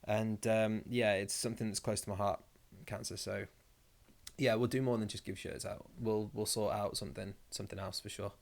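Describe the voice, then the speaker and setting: A man's voice: on the low side, little pitch movement, normal speed, creaky. A young man hosting a casual live stream. He reads viewer comments aloud and rambles through his replies with jokey asides.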